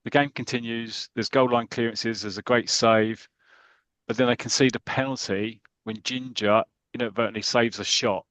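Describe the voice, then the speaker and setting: A British podcast co-host retells a funny story in lively, casual conversation, tossing in quick asides. His voice is mid-range and the recording is dry.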